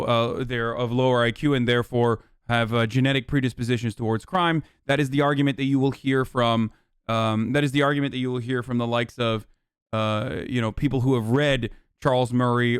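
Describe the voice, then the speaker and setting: Profane sarcastic guy on a stream, smooth clear voice, dry close mic, talks back to chat. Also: medium pitch, dry recording. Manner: profane, sarcastic, mocks chat with mock outrage. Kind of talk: live stream reaction and chat banter.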